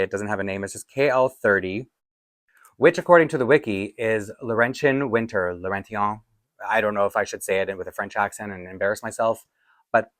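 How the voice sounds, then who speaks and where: A Toronto man who vlogs about doll collecting chats casually, rambling and poking fun at himself. His voice is lowish with a fairly bright tone, recorded dry.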